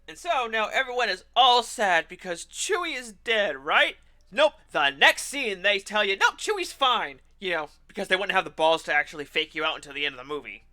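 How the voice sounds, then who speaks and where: A man streaming while he plays a game, ranting in an animated, sarcastic way and swearing now and then. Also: high-pitched, a little fast. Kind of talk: ranting commentary while gaming.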